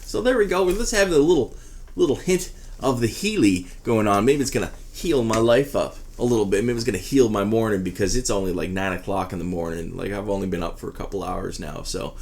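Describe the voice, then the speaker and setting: A man's voice: lowish voice, brisk, hardly any pauses, darkish tone, a little hiss or hum. A man giving a rambling, casual product review, swearing freely as he talks. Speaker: e-liquid reviewer.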